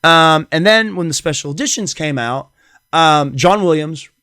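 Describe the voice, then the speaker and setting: A middle-aged man hosting his podcast alone, rambling eagerly with plenty of ums and you-knows. His voice sits a bit high and sounds smooth and clear. The recording is dry and close, with no room sound. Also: expressive, moderate pace, bright, forceful tone, no room sound. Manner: rambling, enthusiastic, hums tunes with many fillers. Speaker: podcast host. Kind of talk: casual solo podcast talk.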